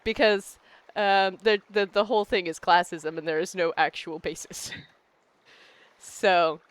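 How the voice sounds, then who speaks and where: A woman's voice: fairly low pitch, flat delivery, a little slow, dry recording. A woman game streamer talking in casual live-stream chat, rambling and laughing often.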